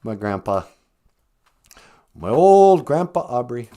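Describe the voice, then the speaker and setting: An older man hosts a relaxed live stream, spinning casual stories with frequent laughter. His voice swoops up and down with animated intonation, and he keeps things chatty and loose. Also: medium pitch, slow pace. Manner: chatty, laughs often, lively storytelling. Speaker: host.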